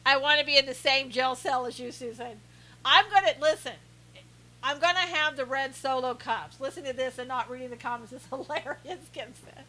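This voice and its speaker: Sarcastic, teasing woman with a bright high voice. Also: moderate pace, rough recording. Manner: teasing, sarcastic, laughing often. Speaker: live stream host. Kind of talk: sarcastic live-stream chat, reading viewer comments.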